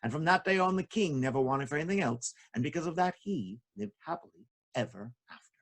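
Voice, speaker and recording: A man telling folk tales to children in a playful, jokey, expressive way. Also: on the high side, a little fast. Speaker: children's storyteller. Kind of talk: animated storytelling for children.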